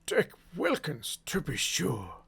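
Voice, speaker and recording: Guy reading as old miser, gets loud n squeaky, gravelly underneath. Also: wildly swooping pitch, slow, exaggerated voice. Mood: delighted. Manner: exclaiming, voice cracking up high. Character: old male miser, wistful and easily stirred.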